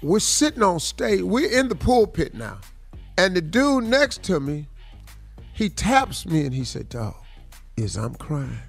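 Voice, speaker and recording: A man's voice: high voice, very animated, a little slow, creaky, soft background music. A male radio morning show host in a studio, talking in a laid-back, slangy way and telling stories in casual chat. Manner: laid-back and slangy, often says "dog" and "man". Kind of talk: casual storytelling chat and motivational talk.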